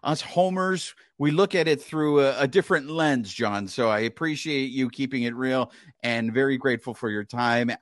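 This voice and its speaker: A man's voice: medium pitch, moderate pace, no room sound, studio quality. A man hosting a sports podcast, chatting casually and sprinkling in Spanish words. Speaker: podcast host.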